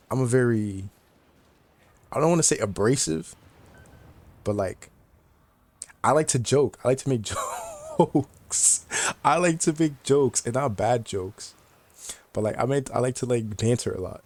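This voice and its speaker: A man's voice: medium pitch, a little mellow. A young man telling a casual story to the camera, slangy and joking, laughing often as he talks. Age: young adult. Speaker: vlogger.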